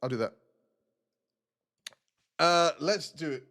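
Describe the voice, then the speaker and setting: A man's voice: medium pitch, expressive, moderate pace. A man streaming a role-playing game, chatting casually and rambling with self-mocking asides.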